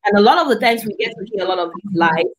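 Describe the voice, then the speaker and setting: A woman's voice: medium pitch, lively intonation, slight background noise, low-quality recording. A woman guest, a singer-songwriter from Cameroon, talking earnestly and reflectively about her song in a casual interview. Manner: earnest, reflective, speaks slowly.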